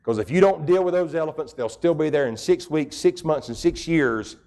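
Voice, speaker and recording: A man's voice: a little high, lively intonation, moderate pace, a little mellow. A middle-aged man preaching a sermon as pastor, folksy and emphatic, with rural turns of phrase.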